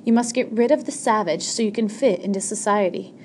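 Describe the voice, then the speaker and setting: A woman's voice: medium pitch, fairly quick, darkish tone, slight background noise, lightly acted. A woman reading an audiobook, voicing a stern, prim schoolmistress who lectures the children.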